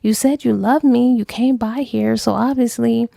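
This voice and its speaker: A woman acting out a scorned young woman in a spoken book retelling, hurt and furious. The voice sits a little high with a gravelly edge and a mellow tone, recorded dry and close. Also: fairly even intonation, normal speed, no room sound. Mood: confrontational.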